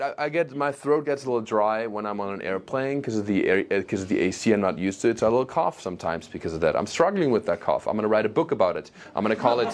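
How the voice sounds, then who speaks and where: A man doing brash, teasing stand-up crowd work at a live show. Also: lowish voice. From Germany. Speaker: touring stand-up comedian. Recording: live venue with crowd noise.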